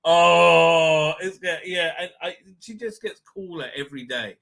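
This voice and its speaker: A middle-aged man hosting a casual livestream, rambling excitably, swearing freely and laughing often. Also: fairly high pitch, a little slow, vocal fry. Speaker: livestream host. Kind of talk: casual live chat.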